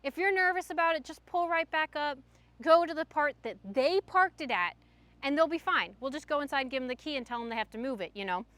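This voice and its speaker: A young woman livestreamer telling a story in casual chat, animated and full of fillers. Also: high-pitched, a little fast, no echo. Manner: chatty, animated, frequent "like" fillers.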